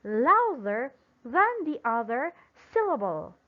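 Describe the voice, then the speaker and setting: A woman teaching an English lesson slowly and emphatically, pausing for imagined answers and praising them. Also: high-pitched, very animated. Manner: praising and drawing out example words. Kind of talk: recorded classroom-style lesson. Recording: dull lo-fi sound.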